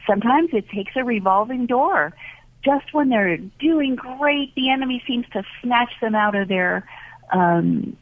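A woman who teaches ministry classes, talking in a gentle, earnest way with many pauses and fillers. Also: mid-range voice, no echo. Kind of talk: reflective talk. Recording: phone-line audio, dry.

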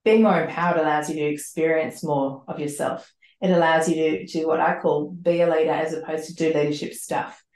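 A woman's voice: low-pitched, fairly even intonation, brisk, darkish tone. Earnest coaching woman in a roomy space. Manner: earnest, flowing, repeats words while thinking. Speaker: leadership coach and author, guest. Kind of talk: podcast interview answers. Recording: roomy echo.

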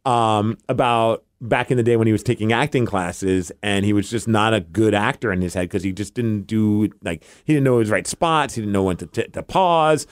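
A man co-hosting a casual podcast, telling a story in an excitable way. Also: fairly low pitch, normal speed, hardly any pauses, no room sound, clean studio sound. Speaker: podcast co-host.

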